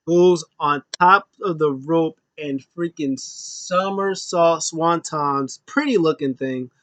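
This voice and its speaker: An excitable man talks through a wrestling match blow by blow, casual and animated. His voice sits a little high for a man and sounds dry and close to the mic, with no room around it. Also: no room sound. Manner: excitable, acts out wrestlers' lines in raised voices. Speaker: wrestling show reviewer. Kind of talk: casual play-by-play recap.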